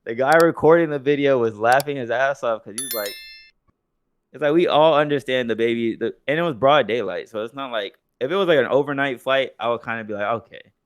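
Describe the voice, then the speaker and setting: A man's voice: medium pitch, a little fast, clean tone, dry recording. A young man co-hosting a podcast, chatting casually and swearing freely, telling stories with mocking impressions of other people. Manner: profane, loose storytelling with mocking impressions. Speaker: podcast co-host. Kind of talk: casual chat.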